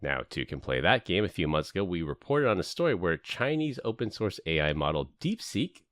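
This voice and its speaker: Very deep-voiced man, animated podcast host. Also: brisk, dry recording, clean studio sound. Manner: animated storytelling, acts out quoted people. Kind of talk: casual tech podcast chat.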